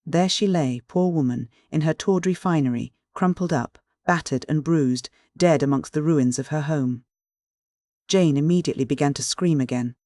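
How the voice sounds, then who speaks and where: An audiobook reader giving a steady, even narration of a classic mystery novel. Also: mid-range voice, moderate pace, dry recording, studio quality. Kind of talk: scripted narration.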